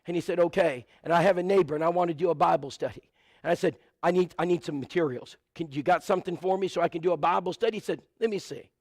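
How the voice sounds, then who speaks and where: A man's voice: fairly high pitch, quick pace, darkish tone, dry recording. A man preaching a sermon, telling stories and rattling off lists of supplies with asides to the congregation. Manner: storytelling with many lists and asides.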